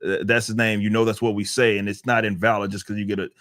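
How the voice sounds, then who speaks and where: A man chats on a podcast in a loose, rambling way, often agreeing and laughing. His voice is fairly low and the sound is dry and close. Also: little pitch movement, fast talker, fairly bright tone, dry recording. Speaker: podcast co-host. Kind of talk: casual podcast chat.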